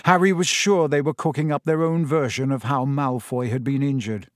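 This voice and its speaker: Reading from a novel, a man works as an audiobook narrator, telling the story in a measured manner. The scripted delivery comes in a mid-range voice, recorded dry at studio quality.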